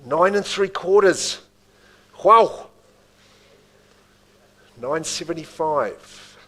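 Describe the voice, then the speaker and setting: A man's voice: on the high side, lively intonation, very slow, bright, forceful tone, poor audio. A man with a New Zealand accent calling bids at a live property auction, with rhythmic bid calls and chatty asides to the room.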